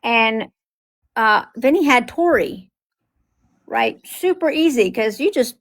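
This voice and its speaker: A middle-aged grandmother chatting casually, telling lively family stories and acting out the voices of the people in them. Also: fairly high pitch, unhurried. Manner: animated, acts out quotes in voices, laughs often. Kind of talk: casual storytelling chat.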